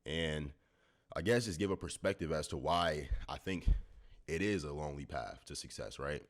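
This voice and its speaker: A young man vlogging to camera early in the morning, a bit tired, speaking in a thoughtful, unhurried way with many fillers. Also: extremely low pitch. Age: young adult. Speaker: YouTuber. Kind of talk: reflective talking-to-camera vlog.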